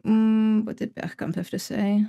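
A woman's voice: medium pitch, level tone, a little slow, vocal fry, dark tone, muffled recording. A young Dutch woman with a Dutch accent, chatting casually as she streams a game, reading chat aloud and answering with wry asides. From Netherlands. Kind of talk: casual gameplay commentary to live chat.

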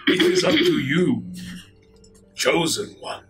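A high-voiced man runs a tabletop game with a bouncy, teasing manner. His voice leaps up and down as he talks, and music plays clearly behind him. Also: huge pitch swings, slow pace. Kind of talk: running a tabletop game, joking.

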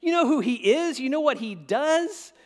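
A man's voice: very high-pitched, animated, normal speed, voice pushed up. A man voicing an indignant, self-righteous crowd of townsfolk that scoffs in disbelief. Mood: scandalized. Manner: incredulous, scoffing. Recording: long church-hall reverb.

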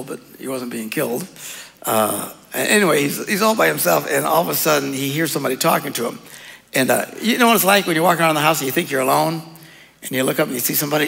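A man preaching in a church hall, his voice gravelly with a slightly high pitch. He talks casually and jokes with frequent chuckles, and the sound carries a long hall reverb. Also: pushed and bright. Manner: casual, joking, laughs often. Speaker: pastor. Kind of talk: sermon.

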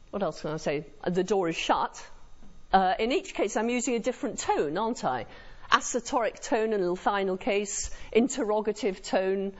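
Animated woman lecturing, muffled recording. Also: medium pitch. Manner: engaging, quizzes the audience with tag questions. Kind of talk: university lecture. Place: lecture room with a live audience.

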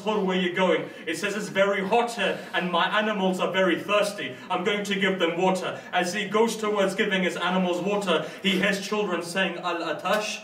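A man's voice: sits high, fairly bright tone. A British man preaching a sermon, telling a story dramatically and voicing each figure in turn. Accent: British English. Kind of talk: majlis sermon narration. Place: mosque hall. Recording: echoey hall, distant mic.

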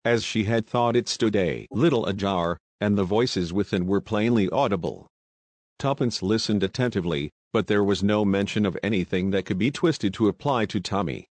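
Brief: male audiobook narrator, low voice, steady reading, dry close sound. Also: moderate pace, no echo. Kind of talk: scripted narration.

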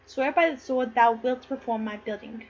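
A woman's voice: on the high side, normal speed, close to an everyday voice. A woman reading the part of a jealous, furious king in an amateur play read-through, with a barking, commanding delivery. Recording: slightly muffled with faint noise.

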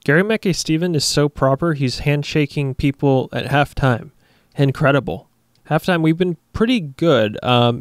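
A man's voice: mid-range voice, clear, resonant tone, no room sound, clean studio sound. A young man giving casual, jokey commentary over a football video game, talking straight to his viewers. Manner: jokey, excitable, talks to viewers. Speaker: gaming YouTuber.

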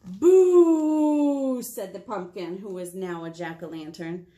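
A woman's voice: on the low side, moderate pace. A woman children's librarian reading a picture book aloud and asking the children questions as she goes. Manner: animated, asks the children questions.

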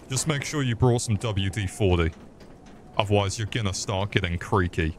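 Low-voiced man mocking a game. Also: normal speed, a little hiss or hum. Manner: crude, mocking, jokey. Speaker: streamer. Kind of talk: crude comic gameplay commentary.

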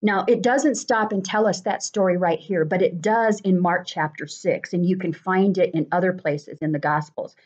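A woman leading a Bible study, reading passages aloud and explaining them in a steady way. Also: lowish voice, normal speed, few pauses, husky. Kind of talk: explanatory teaching. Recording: dull lo-fi recording.

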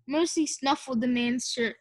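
A woman reads a children's storybook aloud in a high, bright voice. She is expressive and gives each character a voice of its own. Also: a little slow. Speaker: audiobook narrator.

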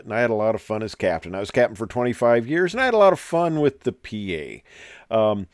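Older man in his 60s, retired airline captain, wry rambling storyteller, mid-pitched voice, dry close sound. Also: darkish tone, smooth, no room sound. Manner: wry, joking, rambling with fillers. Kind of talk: anecdotal storytelling presentation.

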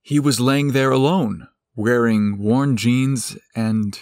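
A man narrating a scripted story in a slow, expressive way. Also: medium pitch, no room sound.

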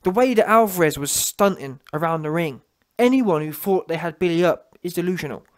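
A man's voice: fairly high pitch, expressive, a little fast. A young man ranting mockingly as a channel host, slipping into a whiny voice to mimic people. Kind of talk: ranting commentary.

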